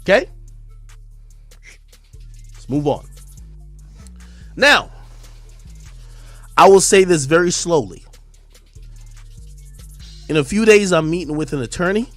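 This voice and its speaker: A man's voice: a little high, expressive, slow, pauses often, a bit bright, no echo, faint music behind. A man on a stream, ranting in a defiant, emphatic way and repeating his points. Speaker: streamer commentator. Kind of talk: heated livestream rant.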